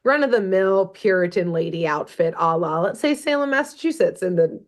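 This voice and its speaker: A woman's voice: medium pitch, expressive, normal speed. A woman podcast host casually retelling a cartoon episode, laughing often and swearing offhandedly. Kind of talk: casual chat.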